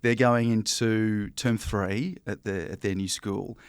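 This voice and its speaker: A man's voice: fairly low pitch, steady tone, slow, clean tone, dry recording, studio quality. An Australian man, a broadcaster, chatting in an interview with frequent ums and restarts. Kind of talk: casual interview chat.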